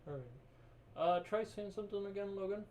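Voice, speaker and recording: Chatty male streamer, slightly high voice. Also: a little mellow, a little hiss or hum. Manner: chatty, many fillers and quick laughs. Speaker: livestreamer playing a game. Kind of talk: casual livestream commentary.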